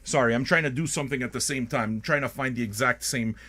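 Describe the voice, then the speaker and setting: A man's voice: medium pitch, quick pace, sharp tone. An older man from Canada, hosting a music reaction show in a blunt, profane, rambling monologue.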